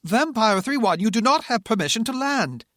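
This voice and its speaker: A man's voice: fairly high pitch, big pitch swings, moderate pace, fairly bright tone, no room sound, studio quality, voice pushed up. A man voicing an agitated male air tower controller with a British accent, barking officious commands.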